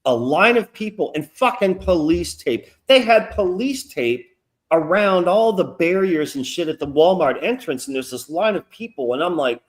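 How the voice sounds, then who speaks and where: A man's voice: on the high side, lively intonation, moderate pace. A middle-aged man telling stories in a casual, profane interview chat, acting out quoted asides. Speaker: guest comic creator. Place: lives in North Carolina.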